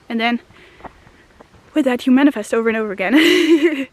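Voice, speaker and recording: A woman walking through a forest, a little out of breath, talking in an earnest, musing way about self-love with many "you know" fillers and frequent laughs. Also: a little high. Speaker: vlogger. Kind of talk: walk-and-talk spiritual vlog. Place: forest path outdoors.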